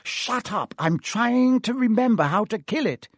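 A man voicing a clever, bossy young schoolgirl witch in a high, shrill, urgent voice. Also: big pitch swings, measured pace, gravelly, husky, no echo, studio quality, exaggerated voice.

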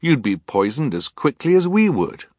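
A man's voice: medium pitch, big pitch swings, moderate pace, a little mellow, no room sound, pitched above the performer's own voice. Brief: earnest bookish boy in a storybook, dry close sound, voiced by a man. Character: studious earnest young boy. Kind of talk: audiobook character voice.

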